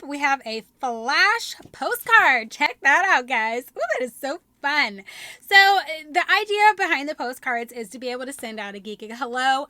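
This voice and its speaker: A gushing, excitable woman in her thirties films herself at home and often gasps as she talks. Her voice sits high and leaps up and down, with a bright, sharp edge. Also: no room sound. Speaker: vlogger. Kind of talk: unboxing chat to camera. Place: home room.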